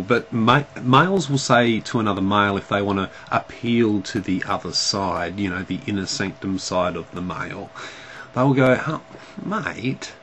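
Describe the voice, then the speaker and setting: A male vlogger with an Australian accent chats casually to camera in a fairly low, fairly bright voice. The recording is low quality with a little hiss or hum, and he's hesitant, full of ums and restarts.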